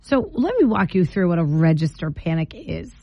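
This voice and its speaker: A woman hosting a morning radio show, telling a story in a chatty, animated way with playful asides, speaking into a studio microphone. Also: lowish voice, normal speed, creaky, breathy edge, dry recording, dull audio. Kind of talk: casual on-air chat.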